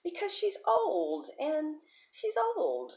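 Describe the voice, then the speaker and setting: A woman tarot reader on a casual livestream, telling stories in a chatty, animated way with plenty of profanity. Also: high-pitched, slow pace.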